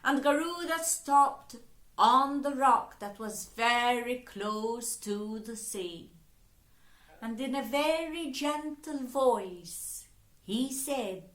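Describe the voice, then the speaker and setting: Woman, storyteller, high voice, very slow, roomy echo. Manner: slow, expressive, voicing characters. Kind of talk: children's story reading.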